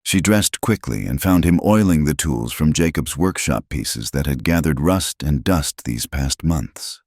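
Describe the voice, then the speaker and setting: A man narrating a western story in slow, measured scripted narration. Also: a bass voice, expressive, darkish tone, no room sound, clean studio sound.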